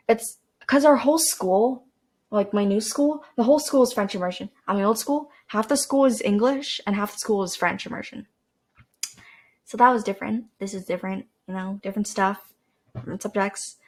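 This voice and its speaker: A teenage girl from Canada, rambling casually to camera as a podcast host, with lots of fillers and restarts. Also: mid-range voice. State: dry throat.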